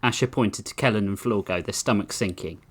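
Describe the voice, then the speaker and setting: A man reading his comic story aloud on a podcast, animated and laughing as he does character voices. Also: fairly low pitch, fairly quick.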